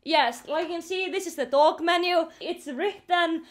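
A young woman with an Icelandic accent, vlogging indoors and chatting excitedly, giggling and baby-talking to her pets. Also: very high-pitched, moderate pace. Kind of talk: casual vlog narration. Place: indoors at her mother's house.

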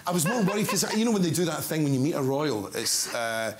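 A man's voice: fairly high pitch, fast, background noise. A Scottish man, a guest impressionist, telling anecdotes in casual chat. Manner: animated storyteller, jumps into voices.

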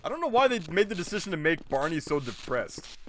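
A man's voice: on the high side, sing-song, quick pace, a bit bright, a little hiss or hum. A young man streaming a video game, rambling and joking with casual commentary, swearing and laughing often.

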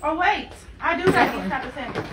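A woman's voice: high voice, animated, fairly quick. A young adult woman, a daughter, joking playfully with her mother in casual family banter. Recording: roomy echo with faint noise.

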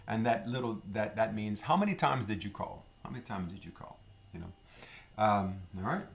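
A middle-aged man teaches a casual spoken lesson, saying each example phrase slowly and twice before translating it. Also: lowish voice, creaky. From Louisiana. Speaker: language teacher.

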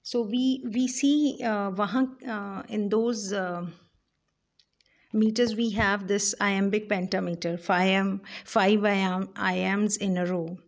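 A woman lectures on poetry at an unhurried pace. She talks deliberately, with frequent fillers and self-corrections. Her voice sits at a middling pitch. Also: steady tone. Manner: slow, deliberate, with many fillers and restarts. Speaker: English literature lecturer.

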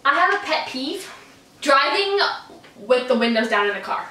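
A young woman vlogger rattles off silly stories in a giggly, casual way, her high voice jumping all over. Her tone is bright. She sounds a bit far from the mic, in an echoey room. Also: big pitch swings, a little slow, slight background noise. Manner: giggly, storytelling, lots of "like". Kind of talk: casual chat.

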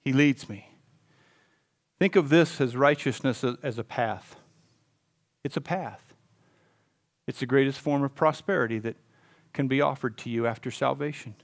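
A middle-aged male pastor preaching a sermon in a church, swinging from hushed to loud. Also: mid-range voice, normal speed, long pauses. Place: church sanctuary.

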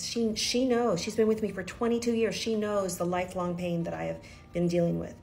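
A woman's voice: on the low side, little pitch movement, fairly quick, gravelly, a little mellow, soft background music. A middle-aged woman from Kentucky talking nervously and emotionally to her viewers in a personal video diary. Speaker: vlogger.

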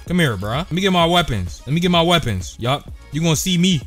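A young man giving casual gameplay commentary, excitable and slangy, yelping and shouting in fights. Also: a little high, brisk, few pauses, soft background music. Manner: slangy, tags lines with "bro". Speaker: gaming streamer.

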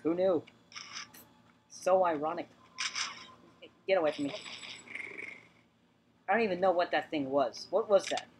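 A woman with a somewhat low voice narrates her gameplay in a loose, chatty way. She repeats words and talks straight to the enemies on screen, and a clear layer of noise sits under her voice in the recording. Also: a little slow, pauses often. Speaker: gaming channel host. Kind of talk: let's play commentary.

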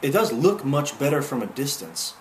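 Guy doing a confused excitable man, all over the place, loud then quiet. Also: mid-range voice, moderate pace, slight background noise, pitched above the performer's own voice, close to an everyday voice. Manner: exclaiming, swings between loud and soft. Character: befuddled man of extremes, shifting wildly. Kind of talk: audiobook character voice.

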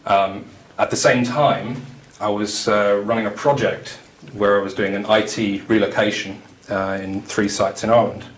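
A man speaks to a conference audience in a low voice, telling anecdotes in a loose, conversational way. His voice rings in a roomy hall, with faint noise behind it. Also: steady tone, moderate pace. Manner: anecdotal, conversational, many fillers. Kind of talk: storytelling talk.

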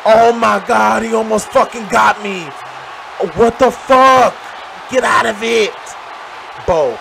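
A man commenting on his own wrestling game as he plays, loud and profane, trash-talking and often shouting. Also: high-pitched, takes it slowly, vocal fry. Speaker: gaming channel host. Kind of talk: live reactive gameplay commentary. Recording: crowd and game noise behind.

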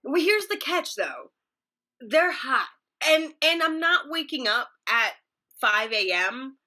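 Young woman reporter as guest, bright, forceful tone, laughs easily, easygoing. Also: high voice, very animated, takes it slowly. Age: young adult. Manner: laughs often, demonstrates anchor delivery. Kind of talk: casual interview chat.

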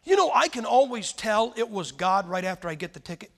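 Gravelly man preaching in a reverberant hall. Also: sits high, very animated, fairly quick, a bit bright. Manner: folksy, joking, rhetorical questions to the congregation. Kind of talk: sermon.

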